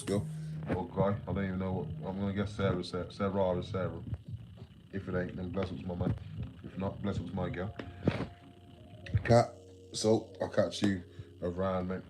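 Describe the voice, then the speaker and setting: Very deep-voiced man, sleepy streamer. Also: noisy background. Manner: rambling, heavy swearing, laid-back slang. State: sleepy, yawning. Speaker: livestreamer. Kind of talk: late-night livestream chat.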